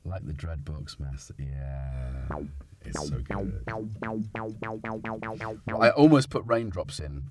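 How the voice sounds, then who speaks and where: Welsh man, rambling self-mocking synth host, very low voice, close studio mic. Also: lively intonation, takes it slowly, long pauses, soft background music. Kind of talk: casual livestream chat. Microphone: studio dynamic mic. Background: loud synthesizer playing.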